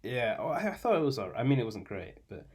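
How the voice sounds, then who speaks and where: A man's voice: medium pitch, big pitch swings, quick pace, a little mellow, slightly rough. A man co-hosting a podcast in casual chat, easygoing and hesitant with plenty of fillers. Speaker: podcast co-host.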